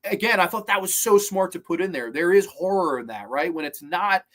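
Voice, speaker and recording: A young man in his twenties talks through a film review in a loose, casual way. He sounds enthusiastic and swears freely. His voice sits a little higher than most men's. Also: lively intonation, fairly quick, fairly bright tone. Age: 20s. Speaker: movie reviewer.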